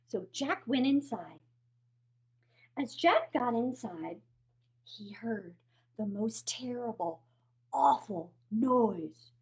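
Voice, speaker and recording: A woman's voice: a little high, expressive, slow pace, pauses often, a little mellow. A woman hosting a children's storytime, playfully reading a fairy tale aloud with puppets. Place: home, recorded for a livestream.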